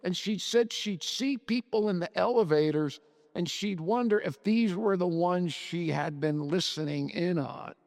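A man's voice: sits high, a little slow, darkish tone, in a large hall. A man retelling and reading from a short story in a conversational, thoughtful way. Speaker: story discussant.

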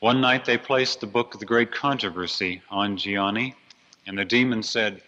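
A low-pitched man delivers an earnest storytelling sermon with a forceful edge. He builds dramatically on key phrases. The recording is dull and lo-fi. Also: normal speed. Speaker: preacher.

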